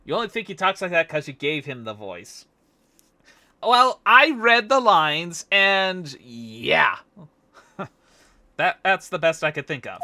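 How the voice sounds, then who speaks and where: A man's voice: fairly high pitch, very animated, slow pace, long pauses. A man streaming a game, making amused, joking asides. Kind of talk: casual let's-play commentary. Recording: music playing under the voice.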